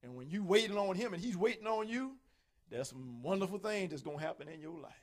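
A male pastor preaching a sermon, folksy and animated, acting out the voices he quotes. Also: sits high, fast.

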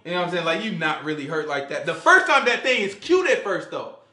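A man preaching an informal sermon in slangy, animated talk, acting out voices as he goes. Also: fairly high pitch, fast. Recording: echoey room.

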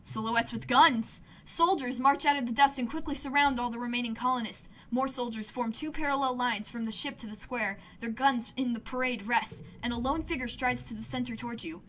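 A woman reads a story game's text aloud to her viewers in a high, bright voice. She is lively and quick to exclaim when something happens. Faint room ambience sits behind her. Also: a little hiss or hum. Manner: lively, exclaims and swears at events. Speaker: game streamer reading aloud. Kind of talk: reading game text aloud with reactions.

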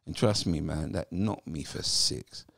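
Gravelly deep-voiced British man telling stories. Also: unhurried, no echo, studio quality. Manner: animated storyteller acting out what people said. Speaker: guest, former footballer. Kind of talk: storytelling interview.

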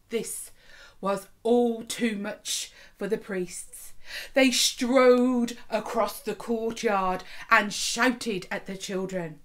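A woman vicar tells a story and leads a school assembly. She speaks slowly and expressively at a moderate pitch. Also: steady tone, a bit bright. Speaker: parish vicar leading school worship.

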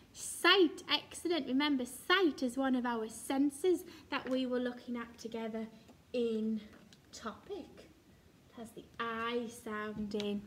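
Slow, high-voiced woman teaching phonics. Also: a bit bright. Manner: slow, sing-song, encouraging, sounding out letters. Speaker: reception class teacher. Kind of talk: recorded phonics lesson for young children.

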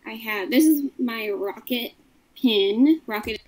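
A woman's voice: a little high, slow pace, a little mellow, poor audio. A woman casually showing her collection, describing each item in a matter-of-fact way. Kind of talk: casual show-and-tell of a collection.

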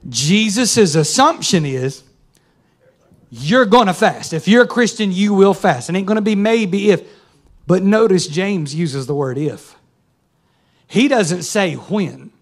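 A man preaching a sermon, folksy and calling on the congregation to answer. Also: high-pitched. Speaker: pastor. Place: church sanctuary.

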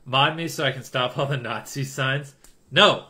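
Bright-voiced young man streaming live. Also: medium pitch, normal speed. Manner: rambling, jokey, reading chat donations aloud. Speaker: livestreamer. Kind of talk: casual live-stream chatter.

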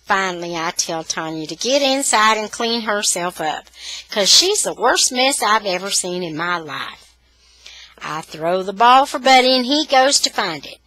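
A woman reads a children's novel aloud at an unhurried, leisurely pace, her pitch rising and falling with lively expression. Her voice is bright and close to the mic, with a dry sound and no room echo. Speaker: storybook reader.

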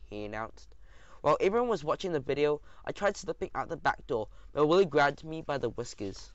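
A man reading a children's audiobook in an expressive first-person storytelling manner. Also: a little high, a little fast, dry recording. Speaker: audiobook narrator. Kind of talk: scripted audiobook narration. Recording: dull lo-fi recording.

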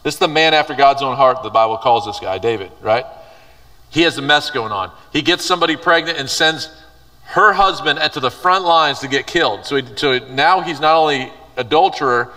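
A man's voice: medium pitch, pushed and bright, recorded from a distance. A man preaching a youth sermon, reading scripture aloud and retelling it in casual, conversational terms. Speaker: youth pastor. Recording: reverberant hall, voice from afar.

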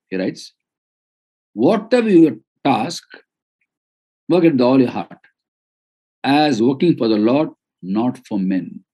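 A man leads a Bible study, his voice pitched a little high yet mellow and husky. He hammers home points by repeating phrases, in an emphatic preaching manner. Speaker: Bible teacher.

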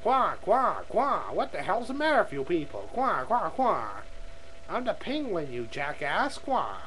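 A man's voice: high-pitched, big pitch swings, measured pace, fairly bright tone, voice pushed up, exaggerated voice. A man putting on a quacking, nasal comic-book villain, recorded on a webcam microphone in a room with a faint hum. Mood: taunting. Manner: nasal quacking between taunts.

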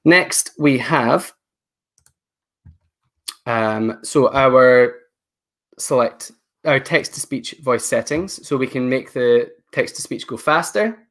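A man's voice: medium pitch, slow, long pauses, fairly bright tone. A man leading a live online training session, talking casually and thinking aloud as he clicks through settings on a computer mic. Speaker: education technology presenter.

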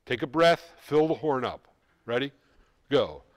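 A man coaching a high school band in rehearsal, giving quick instructions and singing rhythms to show how they go. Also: very animated. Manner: brisk, sings rhythms to demonstrate. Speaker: band clinician. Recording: music in the background. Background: band playing.

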